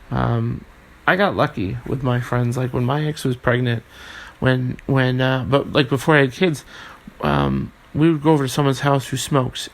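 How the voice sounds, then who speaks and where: A young man talks alone on his podcast, earnest and halting, stumbling through restarts and fillers. His voice sits mid-pitch with a gravelly creak. He swears casually as he goes. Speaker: podcast host. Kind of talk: casual solo podcast monologue.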